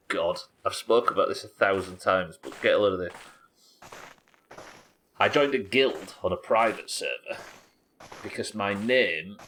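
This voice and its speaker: A man's voice: sits low, pushed and bright, slight background noise. A man from England with a Yorkshire accent, chatting casually while streaming a game, rambling, thinking aloud and swearing freely. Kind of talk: casual live-stream chat while gaming.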